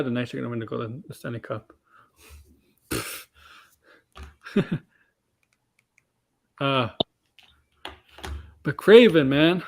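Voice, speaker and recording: Lively casual man chatting. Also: a little high. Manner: rambling, restarts, laughs often. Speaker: podcast co-host. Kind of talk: casual chat.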